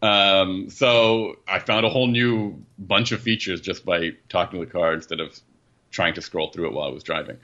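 A man's voice: low voice, fairly even intonation, moderate pace, pushed and bright. A man reviewing a car in a casual podcast chat, rambling and correcting himself as he goes, with small laughs at his own jokes. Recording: muffled, lo-fi audio.

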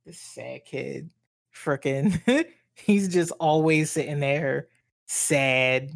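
A woman's voice: low voice, very slow, vocal fry, dry recording, clean studio sound. A young woman co-hosting a casual book-discussion podcast, talking in a laid-back, wry way and often chuckling. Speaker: podcast co-host.

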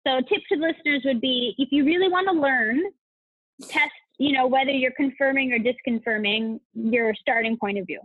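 A woman's voice: high-pitched, moderate pace, dry recording. A woman guest on a podcast, chatting casually and enthusiastically, gushing and laughing often. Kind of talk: casual interview chat. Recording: tinny phone-like line.

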